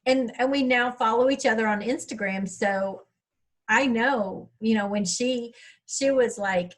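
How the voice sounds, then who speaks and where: Speaking a little slowly in a fairly high voice, a middle-aged woman chats in a rambling way about her audiobook. She's an author at a writers' workshop held over video call, and the recording is low quality.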